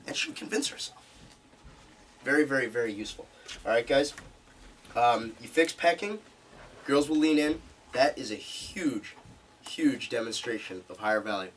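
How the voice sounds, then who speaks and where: A man's voice: mid-range voice, animated, normal speed, long pauses, fairly bright tone, slight background noise. A man teaching a live seminar to a group, emphatic and repeating key points, recorded from a distance. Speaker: seminar instructor.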